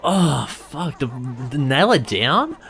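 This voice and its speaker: A man's voice: on the high side, sing-song, takes it slowly, gravelly, fairly bright tone, soft background music. A young man co-hosting a let's play, chatting casually and laughing often at his own jokes. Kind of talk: casual gaming commentary.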